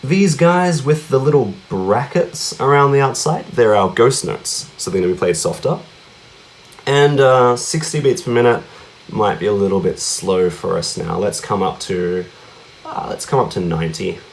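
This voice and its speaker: A man's voice: medium pitch, normal speed, gravelly. A man teaching cajon rhythms in a casual lesson, often checking in with questions like "yeah?" and "right?". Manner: chatty, asks many tag questions like yeah and right; counts out beats and vocalizes drum sounds.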